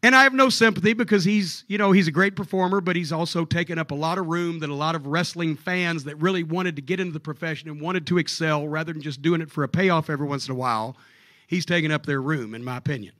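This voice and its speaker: High, bright-voiced profane storyteller man. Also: quick pace, no echo. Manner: animated, profane, jokey. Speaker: guest storyteller on a live stage show. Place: comedy club stage.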